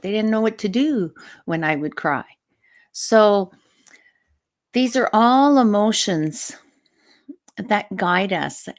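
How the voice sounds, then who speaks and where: A woman's voice: mid-range voice, creaky. A middle-aged woman, a stress management coach and teacher, talking through a live show in a reflective way and often asking the listener questions.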